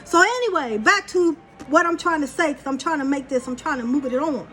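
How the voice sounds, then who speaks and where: Blunt, profane woman with a high voice. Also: animated, fairly quick, pushed and bright, soft background music. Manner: blunt, profane, rambling storytelling. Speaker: spiritual channeler. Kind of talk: casual spiritual monologue.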